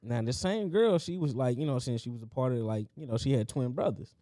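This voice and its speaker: A man's voice: medium pitch, brisk, mellow, dry recording, clean studio sound. A man co-hosting a podcast, telling a childhood story in casual chat and acting out the quotes. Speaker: podcast co-host.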